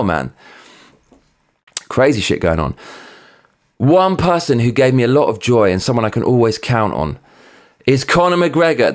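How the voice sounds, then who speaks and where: A man's voice: medium pitch, darkish tone. Heated, profane male ranter. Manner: sarcastic, mocking. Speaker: host. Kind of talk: opinion rant.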